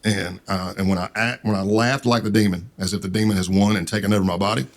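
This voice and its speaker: A man's voice: on the low side, fairly even intonation, fast talker. A man telling a long personal story in a casual, rambling way, with many fillers and restarts. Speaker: podcast guest.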